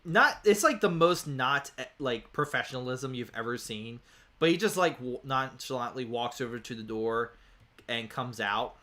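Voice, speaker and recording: A man's voice: mid-range voice, bright, forceful tone. A man narrating a tabletop role-playing game as game master, in a casual, rambling way full of fillers.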